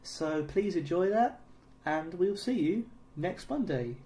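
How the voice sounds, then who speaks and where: A male podcast host with a fairly high voice for a man closes out an episode. He sounds friendly and upbeat, talking casually to his listeners. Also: lively intonation, takes it slowly, dark tone.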